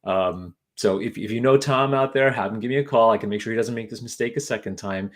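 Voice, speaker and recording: A man's voice: fairly low pitch, fast talker. A man hosting a casual talk on retirement money, chatty and joking, with many fillers and restarts. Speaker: financial advisor, video host.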